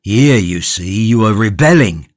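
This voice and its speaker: A man voicing a gruff, suspicious old male gaoler who roars and bullies. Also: lowish voice, animated, a little slow, no echo. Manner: blustering, roaring.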